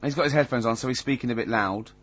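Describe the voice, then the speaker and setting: A man's voice: mid-range voice, rapid-fire, a bit bright. A man hosting a casual radio show, telling rambling anecdotes and laughing often. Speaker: radio host. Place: radio studio. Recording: lo-fi radio recording.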